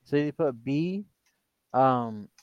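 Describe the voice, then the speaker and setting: A man with a mid-pitched voice talks on a casual podcast, recorded close and dry. He repeats his points with emphasis and swears freely. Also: expressive, slow pace, smooth, dry recording, muffled recording. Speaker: podcast co-host.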